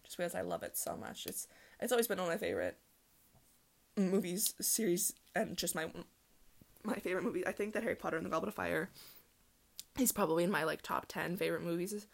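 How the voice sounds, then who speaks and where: A woman's voice: on the low side, animated, fast, vocal fry, long pauses. A young woman hosting her own solo podcast, chatting in a rambling way full of ums and restarts. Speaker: podcast host. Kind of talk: casual solo podcast chat.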